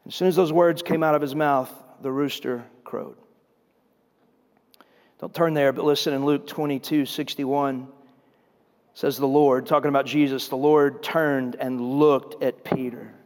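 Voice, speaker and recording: Male pastor, high voice, casual storytelling sermon, long church reverb. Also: fairly even intonation, moderate pace, pauses often, darkish tone. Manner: conversational storytelling, acting out scripture scenes. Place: church sanctuary.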